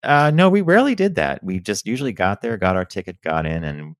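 Middle-aged male co-host with a very deep, expressive voice, recorded dry and close; spins anecdotes and plays out the lines in them. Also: brisk, no room sound. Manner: animated storyteller, acts out quotes. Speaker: podcast co-host. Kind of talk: casual chat.

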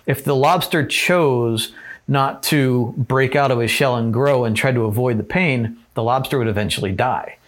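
A man's voice: medium pitch, normal speed. A man giving an informal lesson while writing on a board, talking in a casual, rambling way with many fillers and tag questions. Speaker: teacher. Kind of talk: informal talk on growth and pain, writing on a board.

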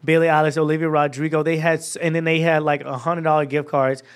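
Sassy, animated man telling stories. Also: a little high. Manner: animated, sassy, quick to laugh. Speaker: podcast guest. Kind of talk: casual storytelling chat.

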